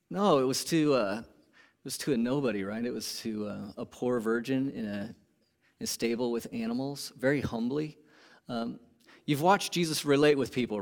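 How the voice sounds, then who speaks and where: A man preaching a sermon to his congregation, animated and conversational, asking rhetorical questions and swinging from emphatic peaks to quiet lows. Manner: animated, rising to emphatic peaks then dropping low. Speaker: pastor.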